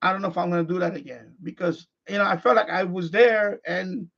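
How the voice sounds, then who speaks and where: Blunt, gravelly high-voiced man ranting. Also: brisk, a bit bright. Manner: blunt, repeats phrases, restarts often. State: frustrated. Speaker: live-stream host. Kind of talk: unscripted live-stream monologue. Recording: dull lo-fi stream audio.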